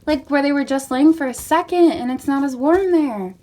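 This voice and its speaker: A woman's voice: high voice, moderate pace, dark tone. A young woman at home, chatting to her cats in sweet baby talk and explaining things to her viewers as she tidies their bed. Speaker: pet vlogger. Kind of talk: casual narration while handling kittens. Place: at home beside a cat bed.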